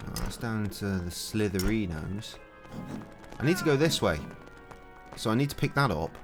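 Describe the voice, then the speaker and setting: A man's voice: fairly low pitch, animated, normal speed, over music. A middle-aged man, streaming a video game at home and telling stories in sweary, cheeky banter. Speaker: gaming streamer. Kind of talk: casual commentary with storytelling. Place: home, indoors.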